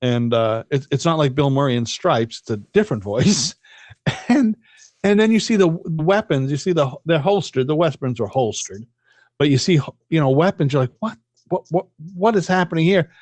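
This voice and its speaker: A man's voice: mid-range voice, moderate pace, no echo. A man casually telling a long, rambling story on a podcast, swearing freely. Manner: profane, rambling, animated storyteller. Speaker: podcast co-host.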